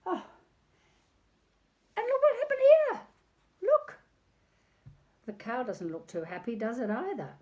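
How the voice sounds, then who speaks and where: An older woman reading a picture book aloud on video, chatty and digressive, pausing to talk about the pictures. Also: mid-range voice, a little mellow.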